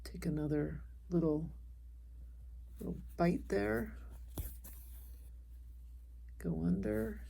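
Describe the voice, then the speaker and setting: A woman teaching an embroidery stitch step by step, talking calmly as she works by hand. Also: on the low side, slow, creaky, long pauses, husky. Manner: calm, explains while stitching by hand. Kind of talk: step-by-step craft tutorial.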